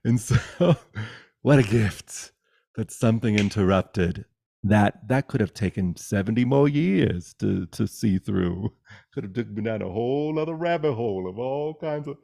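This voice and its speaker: A man giving a spiritual satsang talk over a video call, soft and unhurried, often dropping to a whisper. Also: medium pitch, gravelly, no echo, clean studio sound. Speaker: spiritual teacher.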